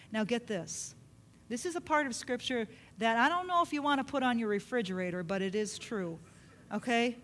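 A woman preaching a sermon, retelling scripture with animated, dramatic delivery. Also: fairly high pitch.

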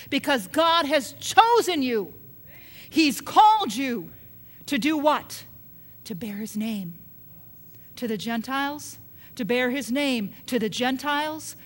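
A woman's voice: high-pitched, a bit bright. A woman preaching a sermon, emphatic and repetitive, often putting questions to her listeners.

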